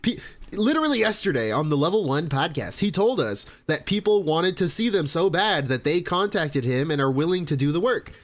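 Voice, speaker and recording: A man's voice: on the high side, lively intonation, moderate pace, few pauses. A man ranting live as a reaction streamer, sarcastic and profane, mocking what he watches.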